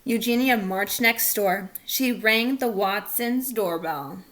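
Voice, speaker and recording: A woman reading a children's chapter book aloud in an expressive, clear storytelling manner. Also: medium pitch, slow, a little hiss or hum. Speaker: reader.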